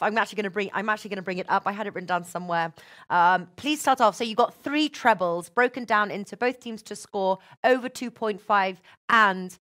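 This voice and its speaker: A woman hosting a sports betting show, chatty and quick to laugh. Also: medium pitch, a bit bright. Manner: chatty, laughs often, restarts. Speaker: host. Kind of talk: casual chat.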